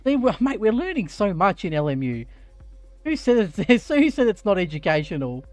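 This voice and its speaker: An Australian man chatting on a live stream while sim racing, thinking out loud and getting excited. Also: high voice, normal speed, no room sound, faint music behind. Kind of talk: live-stream gaming chat. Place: home sim racing rig.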